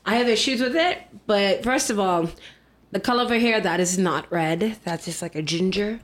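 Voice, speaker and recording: A young woman co-hosting a casual podcast, talking in an opinionated, slangy way. Her voice sits at an everyday middle pitch. She chats easily and keeps the conversation moving. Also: moderate pace. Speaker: podcast co-host. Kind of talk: casual chat.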